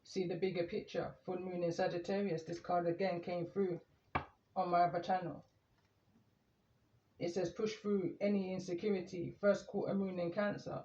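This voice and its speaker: A man doing a calm, meandering tarot reading, reading the cards aloud as he draws them. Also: sits high, normal speed, a little hiss or hum. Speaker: tarot reader. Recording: echoey room, muffled lo-fi sound.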